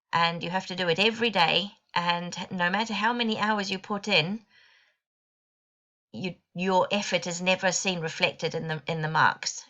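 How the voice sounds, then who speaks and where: A woman giving an online presentation to teachers, explaining clearly with a lightly wry touch. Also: fairly low pitch, bright, forceful tone. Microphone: computer mic on video call.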